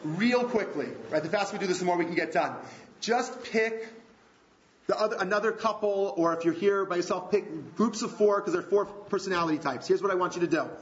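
A man leading a relationship workshop, asking the group rhetorical questions in an animated way. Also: sits high, brisk, a little hiss or hum. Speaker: workshop leader. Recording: echoey room, dull lo-fi sound.

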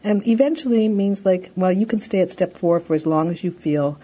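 A woman's voice: on the low side, brisk, dark tone, slightly rough, lo-fi sound. A woman lecturing on parenting, explaining steps in a conversational way and often saying "you know". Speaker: parenting educator. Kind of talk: recorded lecture.

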